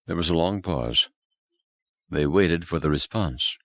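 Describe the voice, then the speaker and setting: Deep-voiced male audiobook narrator. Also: fairly bright tone, no echo. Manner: measured and dramatic. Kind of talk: scripted narration. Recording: dry, slightly dull audio.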